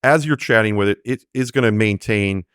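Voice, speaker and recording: Low-voiced man explaining tech, dry sound. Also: fairly quick, fairly bright tone, clean tone, no room sound. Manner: explains with quoted examples, many fillers. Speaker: AI developer guest. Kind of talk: conversational interview explanation.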